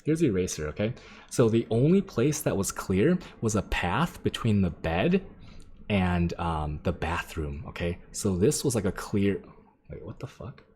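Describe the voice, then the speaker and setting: Man, very low voice, rambling profane storytelling, faint background hiss. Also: big pitch swings, a little slow, a little mellow. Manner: sketches while he talks, addressing chat. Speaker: game streamer. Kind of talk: casual storytime on a live stream.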